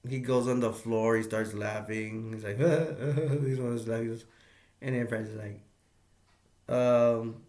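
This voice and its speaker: A man's voice: mid-range voice, echoey room. A man reviewing a movie in a casual, rambling way, with many fillers and restarts as he retells scenes.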